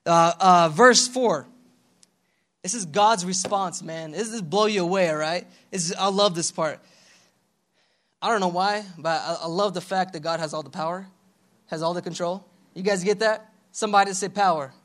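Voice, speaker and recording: A young adult man preaching a casual youth sermon in a slangy, animated way, calling for responses from the congregation. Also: high-pitched, moderate pace. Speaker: pastor.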